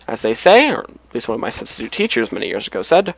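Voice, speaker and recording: A man's voice: mid-range voice, big pitch swings, fast, vocal fry, few pauses, no room sound, rough recording. A tired man casually rambling as he comments on a game he is playing, with mumbled asides. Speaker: let's play host.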